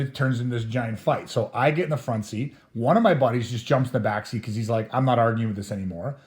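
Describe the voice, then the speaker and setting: A middle-aged storyteller host with a medium-pitched, slightly mellow voice casually tells a rambling, profane anecdote, chuckling often as he talks.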